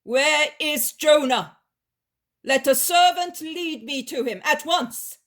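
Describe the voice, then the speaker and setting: A woman's voice: high voice, takes it slowly, a bit bright, pitched above the performer's own voice, heavily acted. A woman voicing a stern, commanding male prophet who speaks severely and with thundering force.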